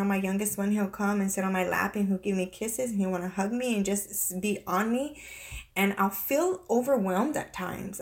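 A vlogger in her thirties speaks to her viewers in a mid-range voice in a personal, confessional vlog. She is halting and close to tears, with many restarts and fillers.

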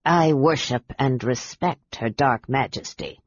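A reader voicing a hot-tempered male warlord who speaks carefully and low. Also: measured pace, slightly rough, no room sound, highs cut off. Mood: cautious.

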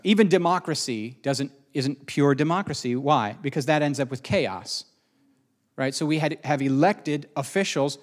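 Emphatic conversational male pastor preaching. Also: on the high side. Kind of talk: sermon.

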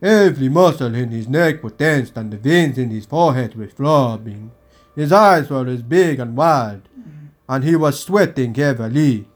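A man hosting a podcast, reading a first-person audiobook aloud in a steady storytelling delivery. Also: medium pitch, normal speed.

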